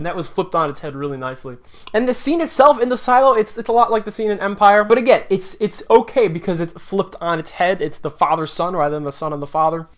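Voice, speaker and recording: A man giving a casual, opinionated movie review, ranting with sarcasm as he picks apart scenes. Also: fairly high pitch. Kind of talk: casual spoiler review rant.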